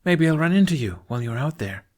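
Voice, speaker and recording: A man doing a nervous, excitable big young Viking. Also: on the high side, quick pace, voice pushed up. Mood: hopeful. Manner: eager, flustered.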